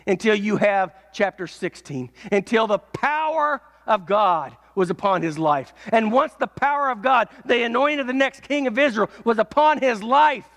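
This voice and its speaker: A male pastor preaching a sermon, telling a story and swelling into shouts at its peaks. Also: high-pitched, expressive, moderate pace, hardly any pauses. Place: church. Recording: echoey church hall.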